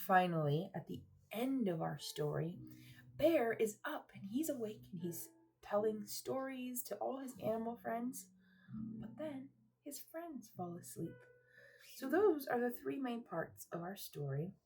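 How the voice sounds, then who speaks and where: A young woman teacher reading a picture book aloud to children in a rhythmic, expressive way, pausing to ask them questions. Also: fairly high pitch, soft background music. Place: cozy room at home.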